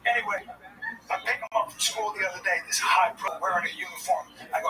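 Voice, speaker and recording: A middle-aged man doing stand-up comedy storytelling, animated and exasperated, ranting about fatherhood. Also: high-pitched, quick pace. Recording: distant mic with loud room noise.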